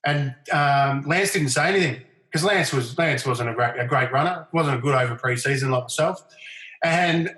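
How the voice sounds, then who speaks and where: Here a middle-aged Australian man guesting on a podcast tells stories at a normal speed in a medium-pitched voice. His casual, animated storytelling includes acting out quotes in raised voices, heard in a room with noticeable echo.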